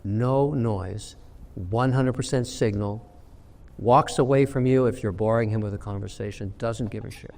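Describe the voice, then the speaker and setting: A man's voice: fairly low pitch, moderate pace, a little mellow, in a large hall. A man in his sixties telling blunt, emphatic anecdotes as an investor guest in an interview. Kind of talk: storytelling interview answer.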